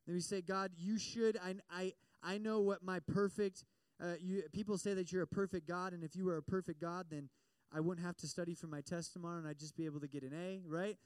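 High, clear-voiced young man preaching. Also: fast, dry recording. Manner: chatty and animated, many fillers, asks the audience questions. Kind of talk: sermon with personal story.

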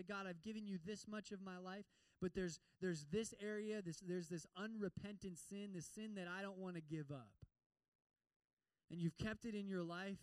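A man's voice: high voice, clear, resonant tone, dry recording, low-quality recording. A young man preaching a conversational sermon, acting out quoted voices of God and listeners. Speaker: campus ministry preacher.

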